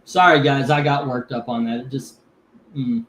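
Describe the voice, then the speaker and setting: A man hosting a casual live comic book auction. He rambles between lot calls, curses freely and gets heated before calming himself down. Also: medium pitch, normal speed, a little hiss or hum. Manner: rambling, cursing, gets heated over politics then calms down.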